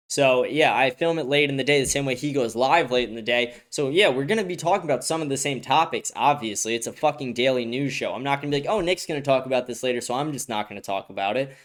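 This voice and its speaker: Man, livestream host, casual chat reactions, blunt, cursing, filler-heavy, rambling restarts. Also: medium pitch. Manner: blunt and profane, lots of filler "like"; ranting, talks in restarts. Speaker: host of a livestream news show.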